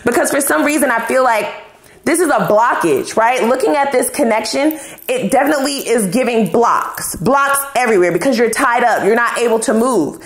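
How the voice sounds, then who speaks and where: A woman's voice: a little high, moderate pace, echoey room. A woman giving a casual tarot reading to camera, talking bluntly in heavy slang and swearing freely. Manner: blunt, profane, slangy and animated. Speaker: tarot reader.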